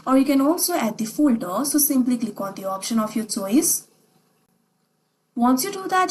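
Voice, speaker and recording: A woman's voice: fairly high pitch, a little mellow, slight background noise, low-quality recording. A woman narrating a scripted screen tutorial, giving step-by-step instructions in repetitive phrasing.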